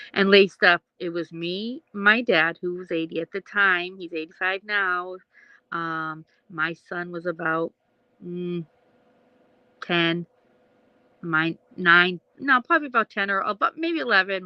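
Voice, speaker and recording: A woman in her forties chats to her viewers on a live stream, rambling from one thought to the next and laughing as she goes. Her voice sits a little low. The sound is dull and lo-fi, with a dry close feel. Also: unhurried, clean tone, no room sound. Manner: chatty, rambling, laughs often. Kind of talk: casual live chat with viewers.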